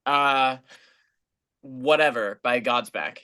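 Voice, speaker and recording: A man answers quick questions as a guest on a video call, relaxed and easily amused, often pausing with ums. His mid-pitched voice sounds bright and smooth. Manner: relaxed, hesitant with many ums, laughs easily. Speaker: guest musician. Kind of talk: casual video call interview.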